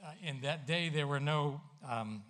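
Man, sermon, emphatic, loud to hushed, slightly high voice. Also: measured pace. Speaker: pastor.

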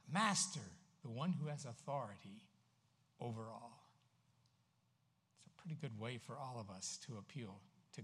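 Man, sermon, emphatic, loud to hushed, slightly high voice. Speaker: pastor.

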